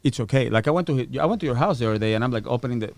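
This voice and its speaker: A man's voice: medium pitch, expressive, rapid-fire, dry recording, clean studio sound. A man in a casual podcast chat, telling blunt anecdotes and swearing freely. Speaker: podcast guest, former prisoner.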